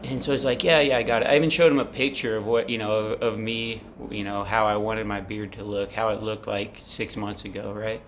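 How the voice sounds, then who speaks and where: A man's voice: fairly low pitch, fairly even intonation, a little fast, hardly any pauses, a little hiss or hum. A man in his forties rambling candidly about his feelings in a vlog, swearing freely and leaning on lots of fillers, recorded in his apartment. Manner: rambling, profane, heavy with fillers. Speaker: vlogger. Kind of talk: candid personal reflection to camera.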